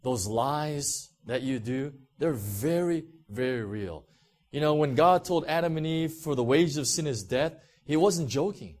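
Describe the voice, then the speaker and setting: A man's voice: a little high, animated, a little slow, darkish tone. A man preaching a sermon in a conversational way, giving a personal testimony with many fillers and restarts. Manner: conversational, heavy use of "you know" and restarts.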